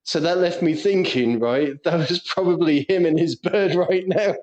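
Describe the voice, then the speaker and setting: This man's voice is a little high with a darkish tone, moving at a moderate pace. As a podcast co-host in a casual chat, he spins sweary stories punctuated by laughter. The sound is lo-fi.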